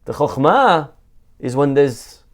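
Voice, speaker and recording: A man speaking as a rabbi in a Torah lesson sermon, animated, asking and answering his own rhetorical questions and repeating phrases for emphasis. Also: on the high side, takes it slowly, slight background noise.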